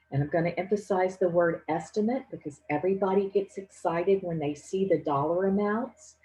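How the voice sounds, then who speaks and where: A woman giving a financial aid presentation, explaining each step clearly and patiently. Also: fairly low pitch, warm tone, rough recording. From Louisiana. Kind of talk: instructional presentation.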